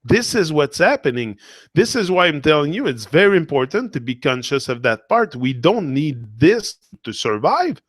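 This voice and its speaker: A man's voice: a little high, sing-song, moderate pace, dry recording. Earnest man in a dry monologue. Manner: earnest, repetitive, emotional. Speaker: motivational speaker. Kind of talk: impassioned monologue.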